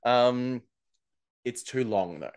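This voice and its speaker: A man's voice: mid-range voice, lively intonation, takes it slowly, darkish tone, clear, resonant tone. A man co-hosting a podcast, chatting casually and gossiping about a TV show, laughing often. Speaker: podcast co-host recapping a TV show. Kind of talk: casual chat.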